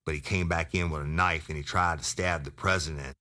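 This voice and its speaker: A retired sheriff's deputy, telling a crime story in a blunt, profane, animated way. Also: male voice, extremely low pitch, brisk.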